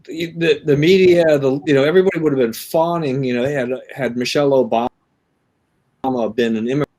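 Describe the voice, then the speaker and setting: A man's voice: medium pitch, brisk, a little mellow. A man co-hosting a political talk show, agreeing and restarting his sentences often. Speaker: co-host. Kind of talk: political commentary chat.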